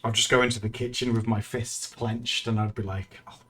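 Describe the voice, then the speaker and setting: A man's voice: lowish voice, steady tone, a little fast, a bit bright, faint music behind. A man streaming live, chatting casually with his viewers in a teasing way and laughing often.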